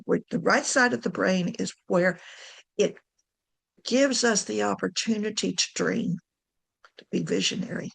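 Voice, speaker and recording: A woman's voice: mid-range voice, creaky. A woman giving a casual talk on writing to camera, chatty, correcting herself and laughing often. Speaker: writing coach.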